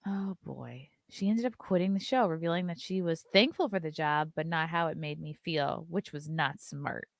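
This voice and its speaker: A woman's voice: sits low, moderate pace, gravelly, hardly any pauses, dry recording. A woman hosting an opinionated commentary show, ranting with sarcasm and profanity. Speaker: host.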